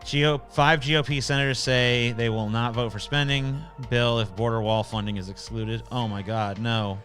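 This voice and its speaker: A man's voice: medium pitch, moderate pace, fairly bright tone, faint music behind. A man hosting a casual livestream, reading chat questions aloud and answering in a blunt, sarcastic, profane way.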